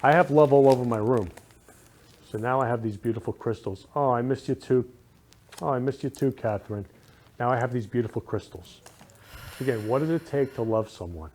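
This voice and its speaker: A man's voice: mid-range voice, fairly quick, a little mellow. A man hosting a casual talk show, gushing and sentimental, showering guests and viewers with affection. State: emotional, near tears. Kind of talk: casual live show chat.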